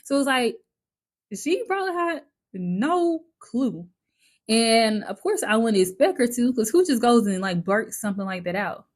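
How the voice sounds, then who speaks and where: A woman's voice: a little high, a little slow. Chatty woman telling a personal story. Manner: candid and chatty, heavy use of "like" fillers; swearing, expressive storytelling. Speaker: vlogger. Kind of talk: casual storytime monologue.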